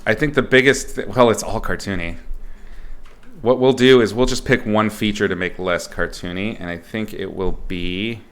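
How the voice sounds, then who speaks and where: A man's voice: fairly low pitch, steady tone, moderate pace, a bit bright. A man teaching art on a livestream in a casual, playful way, joking and swearing as he rambles. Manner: rambling, with fillers and restarts. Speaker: art instructor streaming.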